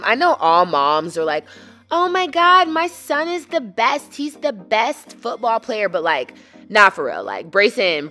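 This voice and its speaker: This is an American woman in her thirties vlogging as a mom, chatty and teasing as she talks straight to her viewers. Her voice sits a little low but swings widely in pitch, with a bright, forward edge. Faint music plays underneath. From United States. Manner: chatty and playful, addresses viewers as y'all. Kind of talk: casual vlog narration. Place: outdoors at a youth football field.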